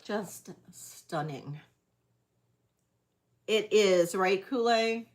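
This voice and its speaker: A woman hosting a live online sale, chatting casually as she auctions vintage jewelry, with frequent ums and pauses. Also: medium pitch. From United States.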